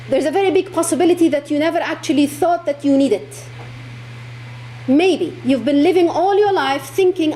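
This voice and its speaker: A woman's voice: high-pitched, animated, moderate pace, dark tone, slight background noise. A woman giving an impassioned religious talk to an audience, repeating words for emphasis. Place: lecture hall.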